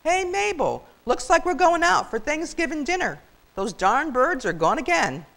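A woman's voice: mid-range voice, big pitch swings, moderate pace, gravelly, pitched above the performer's own voice. A woman voicing a bewildered, chuckling old male farmer in a children's storybook reading, hollering to his wife.

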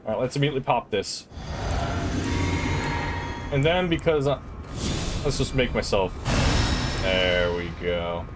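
A young man giving casual, rambling commentary as he plays a video game, talking to himself with sudden excited outbursts. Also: fairly low pitch, a little slow, long pauses. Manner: chatty, rambling, self-talk with excited outbursts. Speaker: gaming channel host. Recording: game music playing behind. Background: game music.

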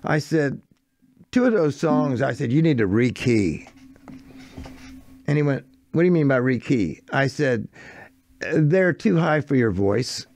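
A man's voice: mid-range voice, unhurried, gravelly, pauses often. An older American man, a songwriter, telling a long anecdote in casual conversation, quoting the people in it. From United States. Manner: animated anecdote, quoting others in shifting voices. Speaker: songwriter guest. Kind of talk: casual storytelling.

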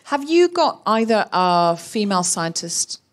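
A woman's voice: medium pitch, big pitch swings, a little slow. A woman co-hosting a live panel, putting a question to a guest. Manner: brief interjections, asks questions. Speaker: podcast co-host. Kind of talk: live podcast panel talk.

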